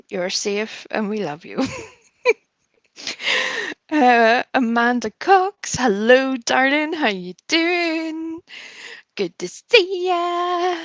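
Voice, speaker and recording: A woman's voice: medium pitch, dry recording. A woman hosting a livestream, greeting viewers by name in a chatty, giggly, affectionate way. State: a bit nervous. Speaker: livestream host. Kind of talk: casual chat greeting viewers.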